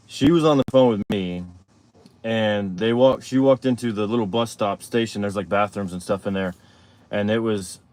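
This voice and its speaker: A man hosting a live show, telling a personal story in a rambling, halting way full of fillers and restarts. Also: fairly low pitch, darkish tone. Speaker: show host. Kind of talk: casual storytelling on a live stream.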